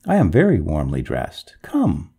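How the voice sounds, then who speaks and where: A man voicing a courteous, firm gentleman heir, polite but dryly mocking, in a storybook reading. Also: deep voice, huge pitch swings, unhurried, creaky, breathy edge, voice pushed down, heavily acted.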